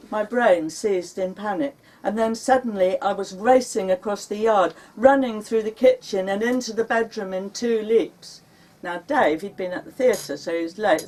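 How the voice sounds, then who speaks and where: Brief: woman author, live bookshop reading, deliberate pace, distant mic. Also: mid-range voice, darkish tone, a little hiss or hum. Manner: unhurried, dramatic when quoting her panicked self. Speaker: author reading her memoir. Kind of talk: live reading of memoir prose. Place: bookshop launch event. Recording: recorded from a distance.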